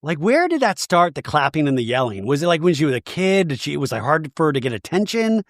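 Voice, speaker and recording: A man hosting a podcast, recapping a reality show with comic, animated storytelling. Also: a little high, quick pace, no room sound, studio quality. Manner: animated storyteller, acts out quotes. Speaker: podcast host. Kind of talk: comedic TV recap.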